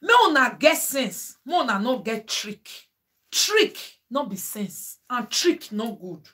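Woman, Nigerian Pidgin accent, high-pitched, sermonizing vlogger chat. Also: very animated, takes it slowly, fairly bright tone. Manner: preachy, sermonizing asides; emphatic, exclaiming. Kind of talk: casual monologue to viewers.

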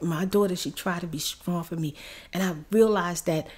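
A woman's voice: lowish voice, fairly even intonation, moderate pace, a little mellow. Middle-aged woman, emotional vlog storyteller, tearful, slips into whispers. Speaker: ASMR story-time vlogger. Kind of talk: casual story time while doing makeup.

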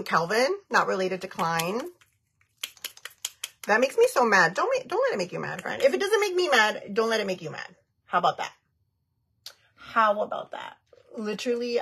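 A fairly high, gravelly voice with a fairly bright tone and a breathy edge belongs to a makeup artist in her thirties. On her tutorial livestream she does her makeup while casually fielding viewer comments, chatty, blunt and quick to laugh.

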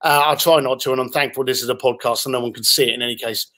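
Speaking very fast in a medium-pitched, steady voice with a bright, forceful tone, a male podcast guest animatedly recounts anecdotes. He imitates the voices of the people he's describing as he goes.

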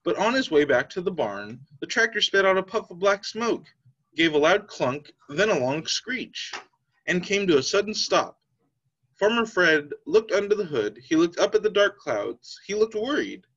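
A male teacher reading a picture book aloud to young children. His somewhat high voice rises and falls very expressively. The sound is slightly dull and lo-fi. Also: normal speed. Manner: expressive, lively storytelling.

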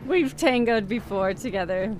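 A woman's voice: on the high side, lively intonation, moderate pace, darkish tone, soft background music. A woman streaming a game, reacting with jumpy screams, swearing and laughter. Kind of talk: live gameplay reactions.

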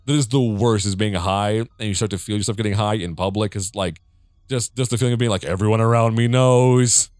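A man's voice: lowish voice, fast talker, a little mellow, no room sound, clean studio sound. A man from the United States giving rambling, profane let's play commentary, with jumpy reactions as he plays a horror game. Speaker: gamer.

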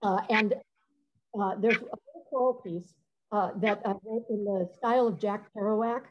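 A woman's voice: medium pitch, fairly even intonation. Woman, middle-aged, composer on a muffled call; stop-start delivery, sings brief examples. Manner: halting, searching for words, sings short phrases to demonstrate. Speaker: composer giving a talk. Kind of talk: conversational talk with many fillers and restarts.

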